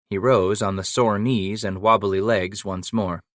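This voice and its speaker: Here a man with a low voice narrates an audiobook, keeping his scripted storytelling even and measured. The sound is studio quality, with no echo.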